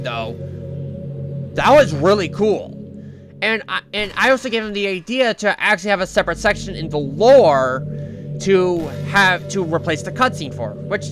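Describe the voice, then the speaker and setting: Excitable young man reading a story over music. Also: sits high. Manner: rambling, self-correcting, excitable. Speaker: channel host reading fan lore. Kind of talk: casual story reading and reaction. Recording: music playing underneath.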